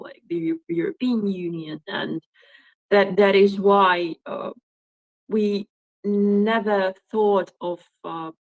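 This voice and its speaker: A woman from Ukraine speaks in an online audio discussion. She is thoughtful and measured, and often pauses to search for the right words. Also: mid-range voice, rough recording. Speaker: Twitter Space speaker. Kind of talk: spontaneous discussion. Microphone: online audio room.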